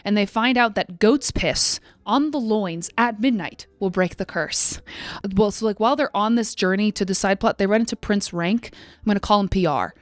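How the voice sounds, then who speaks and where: A woman's voice: mid-range voice, normal speed, no room sound. Chatty woman podcast co-host. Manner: animated storytelling with quoted asides. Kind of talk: casual chat.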